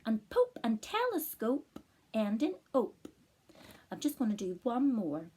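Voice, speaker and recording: Woman, teacher, storytime read-aloud, slow, breathy, animated, encouraging. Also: fairly high pitch. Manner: expressive, encouraging, asks the listener to join in. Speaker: teacher reading a picture book to children.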